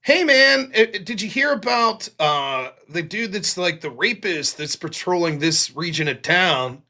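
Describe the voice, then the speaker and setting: A man retelling a call by an unsettling male caller who is breaking down, in a shaky, halting way. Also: high-pitched, animated, pushed and bright, full character voice.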